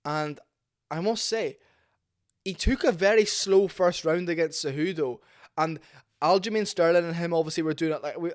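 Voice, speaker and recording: A man ranting bluntly in a casual, sweary vlog about fighting. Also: fairly high pitch. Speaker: MMA commentary vlogger. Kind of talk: opinionated casual rant.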